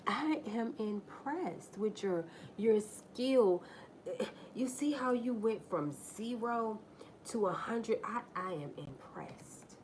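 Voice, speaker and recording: A woman's voice: on the high side, takes it slowly, a little hiss or hum. Blunt woman telling a story on a livestream. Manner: candid, profane, animated, addresses viewers directly. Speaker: livestream host.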